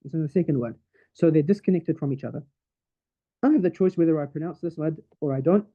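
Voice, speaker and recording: Guy teaching tajweed over a call, kinda high voice, sounds tinny like a phone. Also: quick pace. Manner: patient, explains step by step, recites verses in Arabic. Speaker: Quran recitation teacher. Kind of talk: online tajweed class.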